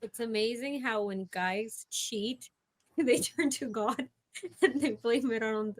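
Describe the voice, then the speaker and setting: A woman co-hosting a casual podcast chat, teasing and quick to laugh. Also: fairly high pitch, dry recording. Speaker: co-host.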